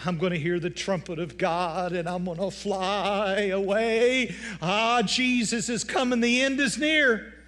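A man's voice: sits high, fairly even intonation, unhurried, a bit bright, big-room sound, soft background music, voice pushed up. A man doing a tiny ecstatic old granny. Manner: ecstatic proclaiming. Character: tiny fervent Pentecostal granny in her nineties.

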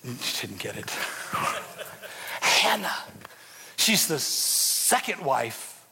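A man's voice: a little high, sing-song, drawn-out words, creaky, pushed and bright, in a large hall. A man, a bishop, preaching a sermon in a folksy, dramatic storytelling way with joking asides to his congregation.

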